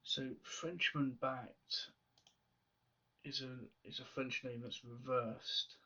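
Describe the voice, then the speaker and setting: Husky guy thinking aloud slowly over a crossword, bright edgy tone, bit dull lo-fi sound. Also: medium pitch, fairly even intonation, recorded from a distance. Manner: slow, musing, half-whispered asides. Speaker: crossword solver. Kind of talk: thinking aloud while solving.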